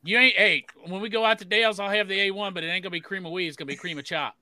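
A man's voice: high-pitched, steady tone, racing, pushed and bright, dry recording. A man co-hosting a podcast, telling rowdy, profane stories in casual chat. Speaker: podcast co-host.

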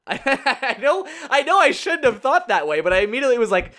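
A man co-hosting a casual podcast chat, excitable and animated as he tells stories. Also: high voice, fairly quick, few pauses. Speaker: podcast co-host.

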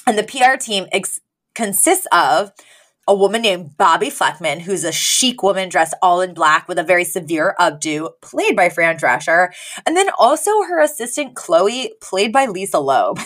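A woman co-hosting a podcast, chatting casually about a sitcom episode and acting out the characters' lines with sudden jumps in pitch. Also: sing-song, fairly bright tone. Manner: chatty, acts out quotes with quick pitch jumps. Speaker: podcast co-host.

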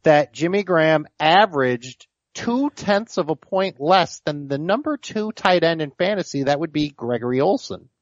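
A man's voice: on the high side, animated, moderate pace, hardly any pauses, dry recording, lo-fi sound, voice pushed up, close to an everyday voice. A man putting on a pompous, overly formal nerd voice to read out fantasy football stats. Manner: overly formal, fussy phrasing. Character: nerdy pompous male stats geek.

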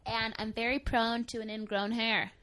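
Podcast co-host: young woman, a touch high-pitched, frank and chatty. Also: moderate pace, a little hiss or hum. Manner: candid, chatty, animated storytelling with many fillers. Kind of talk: casual chat.

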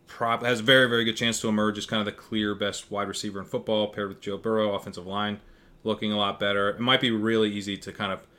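A man's voice: lowish voice, flat delivery, quick pace, pushed and bright. A man who is a guest analyst on a fantasy football podcast, talking casually and thinking aloud with frequent restarts.

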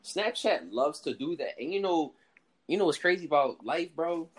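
A young man in casual chat, telling slangy stories and jumping into high voices to quote people. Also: big pitch swings, normal speed, breathy edge. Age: young adult.

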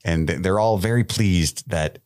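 A man's voice: low voice, normal speed, a little mellow. A man co-hosting a podcast, recapping a TV episode in casual, jokey chat and laughing often. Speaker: podcast co-host.

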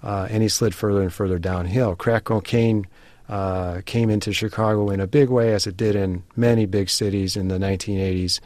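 Measured low-voiced male author. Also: fairly even intonation, a little mellow, no echo. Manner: measured, hesitant with many fillers. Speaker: author and guest. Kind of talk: radio interview.

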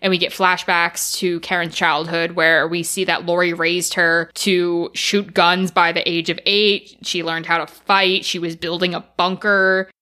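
A woman's voice: fairly low pitch, a little slow, hardly any pauses. A woman co-hosting a podcast, retelling movie scenes casually and often saying "like". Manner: casual, lots of "like", animated retelling. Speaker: podcast co-host.

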